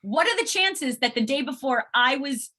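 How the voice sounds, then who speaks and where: A middle-aged actress chatting as an interview guest, telling stories in an animated way and acting out what people said. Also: female voice, sits high, normal speed. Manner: animated storyteller acting out quoted exchanges. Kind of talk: casual interview chat.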